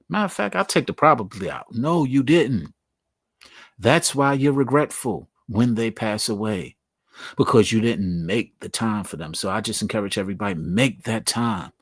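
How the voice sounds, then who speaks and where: A man's voice: lowish voice, no echo, clean studio sound. A man hosting his own show, talking casually and earnestly to viewers and repeating his points for emphasis. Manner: casual, slangy. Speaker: host. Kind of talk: motivational talk to viewers.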